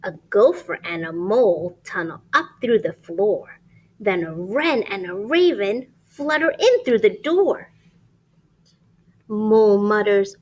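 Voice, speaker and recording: A woman's voice: mid-range voice, animated, measured pace, a little hiss or hum, low-quality recording. A woman, a teacher, reading a picture book aloud to children expressively, at times dropping to a whisper. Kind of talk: read-aloud storytelling.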